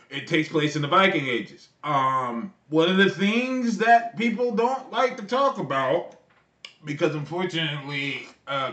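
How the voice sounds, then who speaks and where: A man co-hosting a podcast, telling a story in an animated, slangy way and laughing often. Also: high-pitched, recorded from a distance. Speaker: podcast co-host. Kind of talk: casual chat. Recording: echoey room, off-mic, faint noise.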